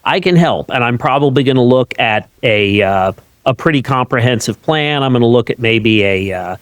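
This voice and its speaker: A man of ordinary pitch hosts a podcast in a casual, upbeat chat. He often repeats his words as he thinks aloud. His voice is close-miked and dry, with no room sound. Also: lively intonation, normal speed, smooth, no echo. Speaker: podcast host.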